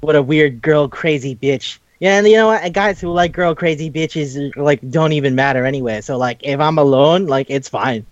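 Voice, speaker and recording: A fairly high-voiced man talks through a cartoon plot in casual chat, swearing freely and acting out bits of dialogue. His voice sits a touch high. The recording is dry and a little dull. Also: brisk, few pauses, dry recording. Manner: profane, animated retelling with quoted voices. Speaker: podcast co-host. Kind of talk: casual chat recapping an anime.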